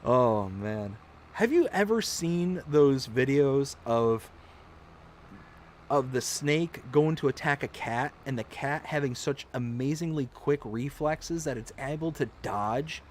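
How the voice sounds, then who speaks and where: A man's voice: on the high side, slow, slight background noise. A man hosting a casual gaming livestream, chatting and telling funny stories, acting out his own shrieks along the way. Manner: animated storyteller, acts out his own shrieks. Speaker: livestream host. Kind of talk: casual chat while gaming.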